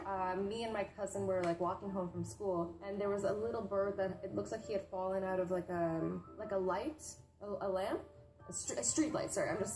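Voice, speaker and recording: A woman's voice: mid-range voice, a little mellow. A woman in her twenties gives casual reaction commentary as a YouTuber, chatty and gushing, often filling with "like" and restarting her sentences. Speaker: YouTuber reacting to wholesome posts. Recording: roomy echo, faint background noise.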